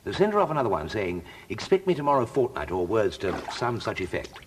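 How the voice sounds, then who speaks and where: Bertie Wooster, breathy toff. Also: male voice, fairly low pitch, big pitch swings, a little fast. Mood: airy. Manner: bumbling, indignant protests. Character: young male idle aristocrat, cheerful and dim. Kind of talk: radio comedy drama acting.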